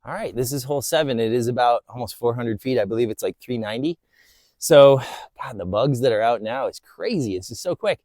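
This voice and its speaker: Playing a disc golf course in a hilly park, a man casually explains each hole, talking to himself between throws in a relaxed, explanatory way and sounding a bit out of breath. His voice is medium-pitched and fairly quick, with no room sound. Faint wind noise is audible outdoors.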